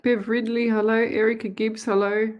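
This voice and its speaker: A woman's voice: fairly high pitch, level tone, normal speed, highs cut off. A middle-aged Australian woman, a psychic medium hosting a live stream, chatting casually, laughing easily and greeting viewers by name.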